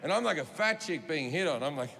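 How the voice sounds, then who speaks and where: A man telling a stand-up story, animated and profane, slipping in and out of voices at a live comedy show. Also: fairly high pitch, fast, creaky, in a large hall, very noisy.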